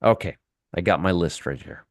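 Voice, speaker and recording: Guy running a live trading room, lowish voice, dead dry mic, super sarcastic, keeps restarting as he clicks around. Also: moderate pace, dry recording. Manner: sarcastic, talks to viewers and chat; restarts and trails off while working his screens. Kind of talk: live market commentary.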